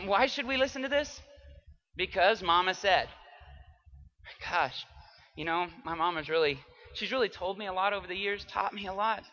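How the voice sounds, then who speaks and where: Young male speaker, high and forceful, delivering a dramatic memorized speech, dull lo-fi recording. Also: normal speed, pauses often. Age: young adult. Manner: dramatic, swings between hushed and loud.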